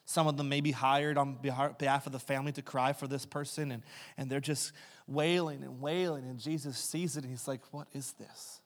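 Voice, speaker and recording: A pastor preaches a sermon in a church sanctuary, retelling Bible stories conversationally and acting out the characters before building to loud, impassioned climaxes. His mid-range voice is steady and fairly quick, with long hall reverb and faint keys or guitar in the background.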